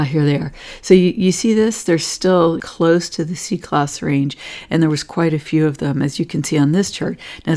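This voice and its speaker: A hoarse woman hosting a casual livestream talk, chatty, often laughing and clearing her throat. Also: sits low, darkish tone. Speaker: host presenting Schumann resonance readings.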